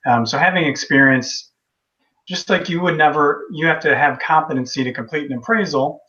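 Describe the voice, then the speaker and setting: A man from Texas who is a guest appraiser explains his points in a steady way. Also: a little high, normal speed. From Texas, USA. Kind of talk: casual webinar talk. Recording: dull, lo-fi audio.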